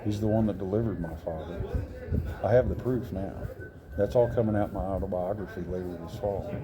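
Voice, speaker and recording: A man's voice: sits low, steady tone, fairly quick. Earnest older man telling a long story. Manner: earnest, rambling, with self-corrections. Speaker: interview guest, author. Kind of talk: personal storytelling. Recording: crowd chatter behind.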